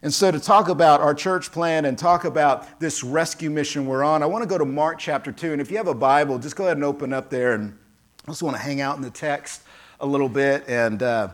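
Man, pastor, energetic sermon, higher-pitched voice, call-and-response. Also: a little fast. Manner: animated preaching, quotes voices, calls to the congregation.

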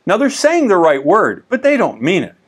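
Man, Bible teacher, conversational, animated storyteller, somewhat high-pitched. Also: normal speed, slightly rough. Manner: animated storytelling, frequent restarts and asides.

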